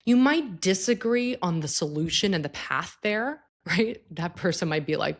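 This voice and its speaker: A woman with a somewhat low-pitched voice gives practical advice as a psychologist. She speaks informally and directly to the listener. She often checks in with tag questions as she explains. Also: expressive, normal speed, hardly any pauses. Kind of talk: casual explanatory talk to camera.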